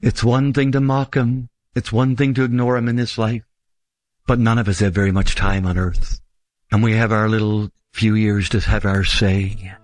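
A man preaching a sermon in an emphatic style, lifting his voice for stress and slowing down on key phrases. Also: level tone, no room sound. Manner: emphatic, swings pitch widely for stress, slows on key phrases.

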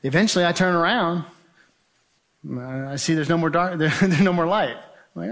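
A man's voice: a little high, normal speed. A man giving a spoken testimony, telling a vivid story and acting out what people said. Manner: vivid storytelling, acts out shouts and quoted voices. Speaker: speaker sharing a testimony.

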